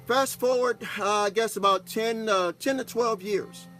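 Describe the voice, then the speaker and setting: Over soft background music, a male pastor and broadcast host from Texas tells a personal story at a measured pace, his high-pitched voice sharp in tone. He is folksy and casual, frequently checking in with an "okay?" to the audience.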